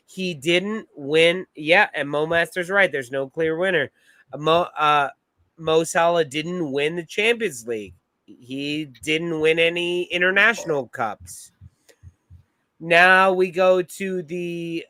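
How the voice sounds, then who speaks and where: A New York man runs a casual football fan show, laying out his case bluntly and swearing freely. His voice is bright and forward, a little higher than most men's. The sound is dry and close, with no room echo. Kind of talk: casual sports talk.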